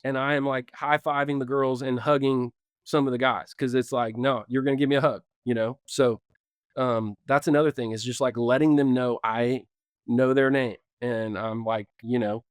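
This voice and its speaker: A man with a smooth, clear voice talks as a podcast guest, telling a story in a loose, chatty way. The sound is dry and close. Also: mid-range voice, fairly even intonation, normal speed, no room sound. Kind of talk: casual podcast conversation.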